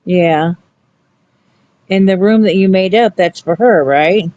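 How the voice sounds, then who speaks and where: A woman's voice: medium pitch, takes it slowly, darkish tone, no echo, lo-fi sound. A woman co-hosting a casual chat show, reacting with short laughing comments.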